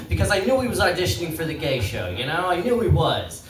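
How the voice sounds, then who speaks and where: A man doing a stand-up set in a pub, rambling and halting in a self-deprecating way. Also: a little high, very animated, slight background noise. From Canada. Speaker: stand-up comedian. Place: pub comedy stage. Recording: roomy pub, distant mic, crowd laughter. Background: audience laughter.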